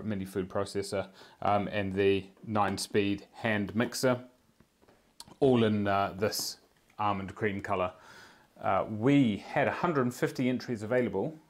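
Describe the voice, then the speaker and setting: A man with a New Zealand accent hosting a live-streamed prize draw. He chats in an easygoing way with viewers in the chat while he works. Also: fairly low pitch.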